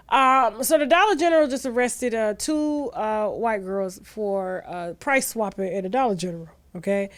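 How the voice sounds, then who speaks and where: A woman's voice: on the high side, no echo. A woman hosting a gossip commentary show, ranting in a brash, profane, rhetorical way. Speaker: host.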